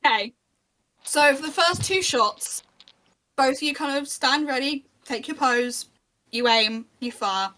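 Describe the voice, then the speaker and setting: A woman running a tabletop game as game master, narrating scenes in a chatty, descriptive way. Her voice is high and bright, with a sharp edge. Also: unhurried. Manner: descriptive, chatty, with small restarts.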